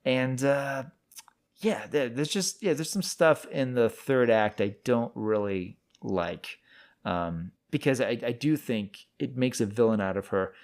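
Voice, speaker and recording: A man in his forties with a mid-range voice, co-hosting a relaxed film podcast. He tells stories with lively energy and often trips over his words and starts again. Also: mid-range voice, unhurried. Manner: animated storytelling with frequent restarts. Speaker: podcast co-host. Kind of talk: casual film chat.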